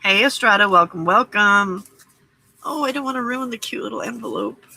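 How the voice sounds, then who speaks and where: A woman hosts a cozy late-night crafting stream from her home craft room. Her voice is bright with a breathy, husky edge. She chats casually, welcomes viewers by name and pokes fun at herself. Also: mid-range voice, moderate pace, dry recording, rough recording. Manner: chatty, greets viewers by name, self-deprecating. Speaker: livestream craft host.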